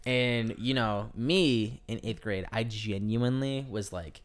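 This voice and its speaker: A man's voice: on the low side, unhurried. Young man rambling through a story. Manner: rambling, lots of "like" fillers, acts out quotes. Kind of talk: casual storytelling chat.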